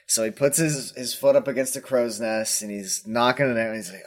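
A man's voice: mid-range voice, fairly quick, hardly any pauses. A man describing his character's actions in a tabletop game, laid-back. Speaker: player. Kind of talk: casual tabletop play.

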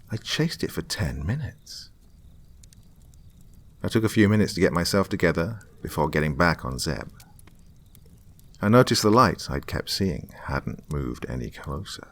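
Very deep, gravelly male horror narrator. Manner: slow, hushed, suspenseful delivery. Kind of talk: scripted horror story narration.

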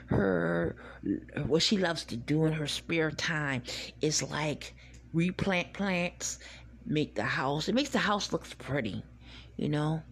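A woman hosting a podcast, telling rambling, laid-back childhood stories in casual talk. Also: deep voice. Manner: rambling, laid-back, swears and laughs while reminiscing. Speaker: podcast host. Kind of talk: casual storytelling monologue.

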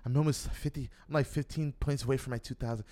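A man's voice: mid-range voice, steady tone, fast, warm tone. A young man co-hosting a podcast in slangy casual chat, laughing often and restarting his sentences. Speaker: podcast co-host.

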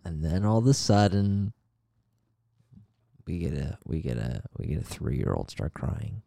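A man's voice: low-pitched, big pitch swings, a little slow, gravelly, mellow. A man co-hosting a podcast, candidly recounting a personal experience in casual conversation. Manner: candid storytelling about therapy, earnest. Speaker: podcast co-host.

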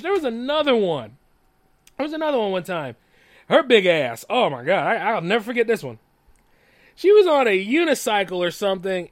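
A man's voice: high voice, fairly bright tone, dry recording. A young man hosting a solo podcast, telling stories in a blunt, profane rant and chuckling often. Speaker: podcast host.

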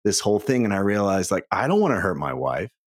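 Middle-aged male guest, low voice, animated storyteller with excited upward jumps. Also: fast. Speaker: podcast guest, author and coach. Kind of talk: casual interview chat.

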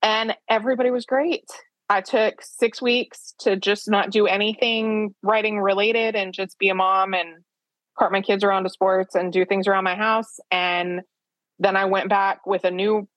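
A woman's voice: mid-range voice, fairly bright tone, no room sound. Frank woman telling a story, dry sound. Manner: frank and self-deprecating, quick asides. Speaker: author, interview guest. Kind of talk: candid conversational storytelling.

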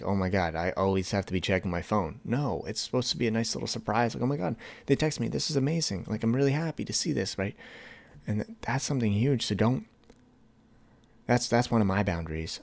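A young man talks through his own podcast with a deep, low voice. He rambles and restarts often, and he acts out texts in a higher, excited voice. The sound is dry and close, with no room echo. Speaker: podcast host. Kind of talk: casual solo podcast talk.

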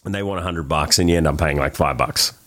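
A man with an Australian accent, a guest telling travel stories in a casual, animated way with many restarts. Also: extremely low pitch, fast. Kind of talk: casual interview storytelling.

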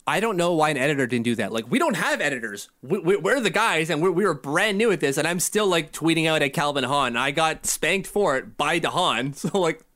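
A young man co-hosting a casual sports podcast, talking in an animated, ranting way. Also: a little high, a little fast, hardly any pauses, no echo. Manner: animated, ranting, mocking quotes. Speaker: podcast co-host.

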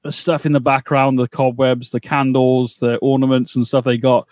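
A man's voice: mid-range voice, level tone, normal speed, darkish tone, dry recording, studio quality. Rambling, chatty man. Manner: rambling, laughing, mock-outraged banter. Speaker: podcast co-host. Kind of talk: casual chat.

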